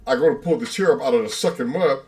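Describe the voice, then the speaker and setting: A man's voice: medium pitch, quick pace, soft background music. A man co-hosting a livestream, telling a long funny story in casual chat and laughing as he goes. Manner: animated, laughs while telling stories. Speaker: livestream co-host.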